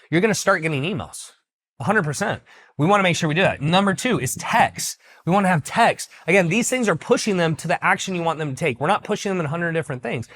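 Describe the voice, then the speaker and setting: A man's voice: a little high, a bit bright. A young man, a business coach, giving a confident, direct, salesy talking-head lesson.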